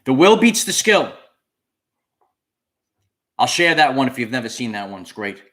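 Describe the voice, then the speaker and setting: A man's voice: mid-range voice, very animated, moderate pace, a bit bright. A man hosting a spiritual livestream, talking to his viewers and repeating key phrases with preacher-like emphasis. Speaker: channel host.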